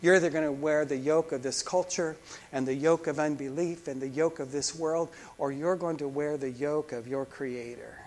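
A man's voice: fairly high pitch, steady tone, moderate pace, darkish tone. A man preaching a sermon as pastor, fervent, with frequent repeated restarts.

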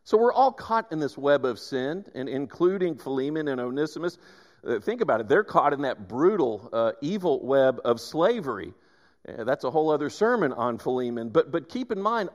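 Male pastor, fairly high voice, lively sermon storytelling, long hall reverb. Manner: animated storytelling, frequent restarts.

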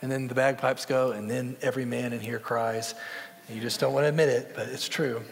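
A man's voice: medium pitch, flat delivery, brisk, vocal fry. A young man preaching a sermon in an earnest, conversational way. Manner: earnest, conversational with film references. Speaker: pastor. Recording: long hall reverb.

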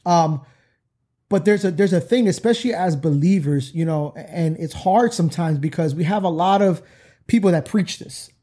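A man's voice: on the high side, moderate pace, dark tone, slightly rough. A man reflecting on forgiveness in a candid faith talk, often repeating words as he searches for them.

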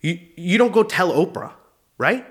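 Profane comedian riffing casually. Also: male voice, high-pitched, big pitch swings, a little slow, slightly rough. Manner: loose, profane, keeps saying dude. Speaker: comedian host. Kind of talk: comedy podcast monologue.

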